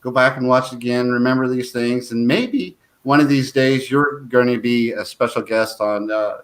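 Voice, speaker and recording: A man hosting a talk show, speaking in a halting, easygoing way with many fillers. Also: mid-range voice, low-quality recording. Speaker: host. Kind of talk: casual chat.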